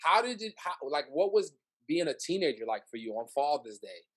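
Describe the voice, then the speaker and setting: A man from the Bronx tells a story on a podcast. He talks in an animated way and slips into other people's voices as he goes. His voice sits a little high for a man. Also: a little fast. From the Bronx, New York. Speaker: podcast guest. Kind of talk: casual storytelling.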